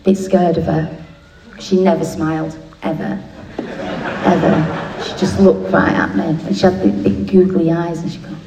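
A woman telling her recovery story with blunt, swearing, self-mocking humour. Her voice is mellow and dark. It sounds like a roomy hall picked up from a distance, with a faint hiss under it. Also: fairly low pitch. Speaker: speaker sharing at a recovery meeting. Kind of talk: candid comic recovery share. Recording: echoey room, distant mic, faint noise.

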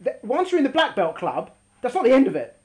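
Animated high-voiced woman teaching a class. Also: fast. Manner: animated, emphatic, stretches words for stress. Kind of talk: classroom teaching, reading and explaining a text.

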